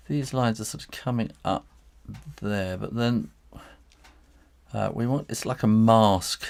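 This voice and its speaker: A man's voice: low voice, vocal fry, darkish tone. A middle-aged man, an author and illustrator, talking through a live drawing lesson in a hesitant, rambling way with little chuckles. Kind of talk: live drawing tutorial, thinking aloud.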